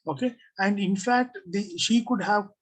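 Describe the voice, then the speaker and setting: A design teacher runs an online class review over a computer mic on a video call. The voice is a little husky and sits at a middle pitch. The teacher keeps asking the class questions and reads out what students type in. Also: measured pace, poor audio.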